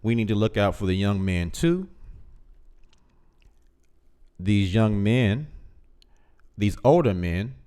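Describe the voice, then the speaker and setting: A man's voice: on the low side, animated, a little slow, warm tone, clear, resonant tone. A man hosting a live call-in show, talking bluntly and with emphasis to his audience. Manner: blunt, emphatic, addresses chat directly. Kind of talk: casual commentary.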